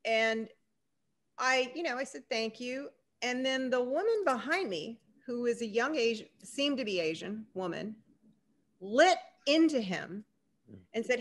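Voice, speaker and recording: A woman on a video-call panel recounts a personal encounter, her voice a touch high. She tells it vividly, slipping into the voices of the people in the story as she goes. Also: a little slow. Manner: animated storyteller who acts out the dialogue.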